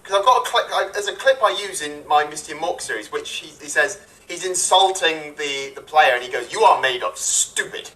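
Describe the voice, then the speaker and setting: A man's voice: on the high side, brisk, hardly any pauses, pushed and bright, recorded from a distance. A man co-hosting a casual panel chat, jokey and teasing. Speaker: co-host.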